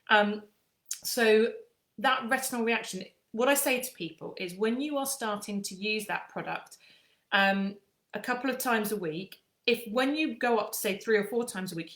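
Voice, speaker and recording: Woman aesthetician, chatty explainer, middle pitch, echoey room. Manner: chatty, with frequent ums and restarts. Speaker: skincare aesthetician. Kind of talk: casual skincare explainer.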